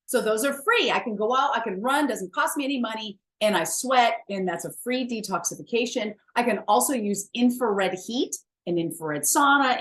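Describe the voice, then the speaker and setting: A woman's voice: a little high, a bit bright. A woman wellness coach giving a chatty, emphatic motivational talk, blunt and self-mocking, with the odd swear word.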